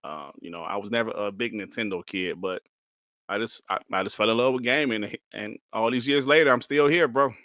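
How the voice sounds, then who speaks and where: A man in his forties, a podcast guest, telling his story in a relaxed, repetitive way. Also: on the low side, brisk, no room sound, studio quality. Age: 40s. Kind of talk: casual gaming podcast chat.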